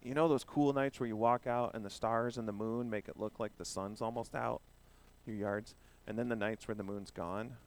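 A man giving a children's sermon, playful and asking the children questions as he talks. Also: mid-range voice. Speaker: pastor giving a children's message.

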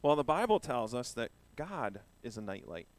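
A man speaks to a group of children in a playful, questioning way. He is giving a children's sermon at a middle pitch. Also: very animated, normal speed. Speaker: pastor giving a children's message.

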